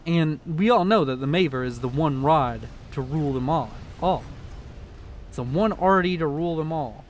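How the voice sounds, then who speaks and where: A young man casting a strategy video game, excitable and joking, swearing freely as he reacts to the action. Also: fairly high pitch, normal speed, a little hiss or hum. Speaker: game caster. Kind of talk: casual profane game commentary.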